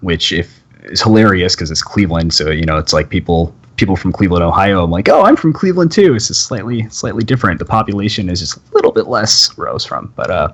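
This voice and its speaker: A man's voice: sits low, fast talker, few pauses, a bit bright. A man from Texas hosting a casual live-stream chat, talking loosely with frequent laughs, fillers and restarts. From Texas, USA. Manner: chatty, laughs often, many fillers and restarts. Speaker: podcast host.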